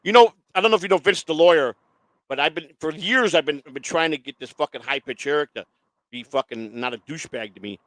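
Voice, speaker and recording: A man's voice: fairly high pitch, fast talker, fairly bright tone, no room sound. A man hosting a casual chat, rambling and swearing, with lots of restarts. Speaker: show host.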